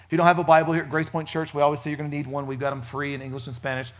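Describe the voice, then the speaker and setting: Man, pastor, casual sermon, church service, joking, chatty, fillers, lively swings in loudness, somewhat high voice. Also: racing.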